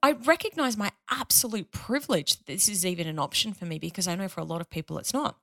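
An Australian woman, a money mentor guest on a podcast, telling stories in an emphatic, animated casual chat. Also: mid-range voice, fast talker.

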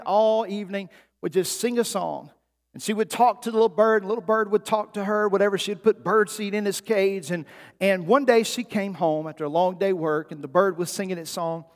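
A man's voice: high voice, in a large hall. A man preaching a sermon as pastor, telling stories and building to emphatic peaks. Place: church sanctuary.

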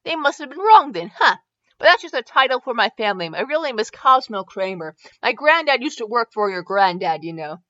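A woman's voice: fairly high pitch, sing-song, brisk, pushed and bright, dry recording. A woman voicing an odd, grinning hunchbacked male servant with a cocky, offbeat way of talking, on a slightly dull recording.

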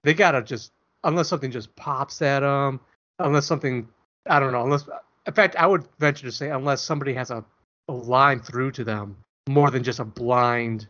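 A man's voice: medium pitch, fairly quick, bright, forceful tone. A man co-hosting a podcast, chatting casually in a rambling, joking way. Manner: rambling, self-deprecating, jokey. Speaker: podcast co-host. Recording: dull lo-fi audio.

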